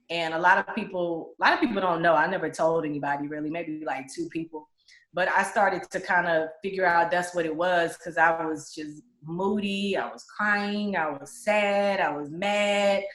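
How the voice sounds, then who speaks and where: A woman tells her own story candidly in an interview, acting out the voices of people she quotes. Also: lowish voice. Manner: candid, animated, acts out other people's voices. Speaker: guest telling her story. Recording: roomy echo.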